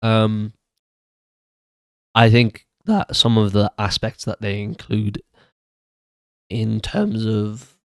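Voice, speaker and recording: A film reviewer offers casual solo video commentary, loose and unscripted, hesitating often with fillers and restarting his sentences. His voice sits fairly low, and the recording is dry and close with no room sound around it.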